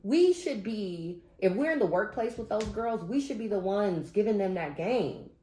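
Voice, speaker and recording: An adult woman vlogger vents straight to her viewers in emphatic, casual commentary. Her mid-range voice is animated and dark in tone, at a moderate pace, recorded with a roomy echo.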